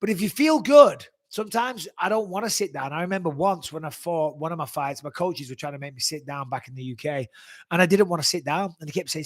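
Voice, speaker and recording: A man hosting a live Q&A, answering viewer questions in a blunt, profane, animated way. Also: a little high, brisk, no room sound. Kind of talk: live Q&A chat.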